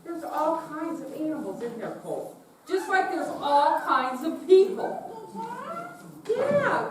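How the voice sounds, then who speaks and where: A woman leading a children's message in church, gently asking the children questions. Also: high-pitched. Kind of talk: children's sermon. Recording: echoey room, far from mic, noisy.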